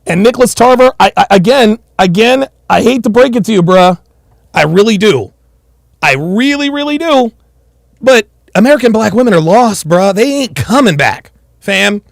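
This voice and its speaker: A man's voice: high-pitched, creaky, no room sound, clean studio sound. A man hosting a reaction commentary, slangy and swearing, talking over a clip.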